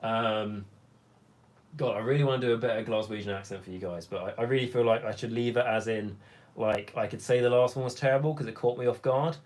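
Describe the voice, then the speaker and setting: A young man hosting a hobby livestream, his voice worn hoarse from hours of talking, rambling casually as he reads out chat comments. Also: medium pitch, fairly quick, a little mellow.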